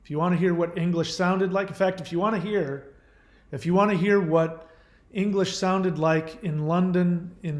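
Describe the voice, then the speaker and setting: A man's voice: fairly high pitch, darkish tone, echoey room. A man hosting his own channel, chatting casually and rambling through trivia with lots of fillers and self-corrections. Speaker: channel host. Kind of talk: casual live-stream chat.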